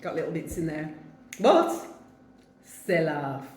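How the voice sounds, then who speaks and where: Speaking slowly in a low, darkish voice with big pitch swings, this vlogger in her fifties eats and talks to camera at home in Jamaica. She has a Wolverhampton English accent, rambles casually and laughs a lot, and the room sounds roomy.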